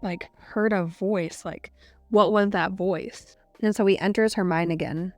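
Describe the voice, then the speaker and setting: A woman's voice: mid-range voice, steady tone, unhurried, no echo, soft background music. A woman co-hosting a podcast, casually recapping a novel's scenes, full of "like" and quoting characters as she goes. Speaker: podcast co-host. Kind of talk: casual book discussion.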